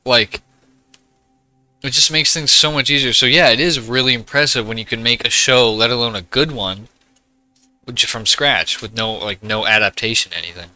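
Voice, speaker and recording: A young man hosting a casual podcast, relaxed and swearing freely as he chats. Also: medium pitch, moderate pace, no room sound. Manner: relaxed, swears freely, eats while talking. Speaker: podcast host. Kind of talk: casual chat.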